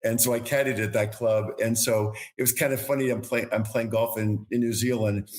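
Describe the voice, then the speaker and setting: Podcast guest, male, lowish voice, rambling storyteller who restarts his sentences a lot. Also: fairly even intonation, fairly quick, darkish tone. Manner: rambling anecdotes with frequent restarts. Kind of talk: casual storytelling.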